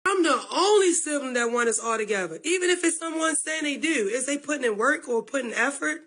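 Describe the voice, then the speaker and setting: A woman's voice: sits high, animated, brisk, a bit bright. A woman on a livestream, rambling emotionally about family and talking straight to her viewers. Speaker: livestreamer in a played clip.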